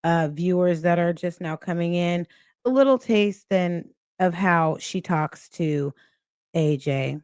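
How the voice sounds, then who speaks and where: A reaction channel host with a lowish, darkish, smooth voice gives her livestream audience slow commentary that's critical and exasperated, in a casual style. It's a dry, studio-quality recording.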